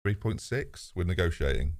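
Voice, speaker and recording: A man streaming a game live, chatting to his viewers in a lively, sweary way. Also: low-pitched, normal speed, no echo, clean studio sound. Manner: animated, talks to chat, swears casually. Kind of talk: live gameplay commentary.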